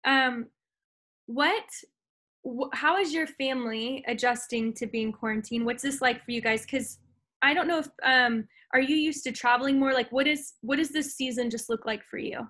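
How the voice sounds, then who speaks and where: A woman in her thirties hosts a relaxed talk about faith. Her voice sits a bit high, and she rambles, often restarting and rephrasing her questions. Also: moderate pace. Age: 30s. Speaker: host, interviewer. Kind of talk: casual faith conversation.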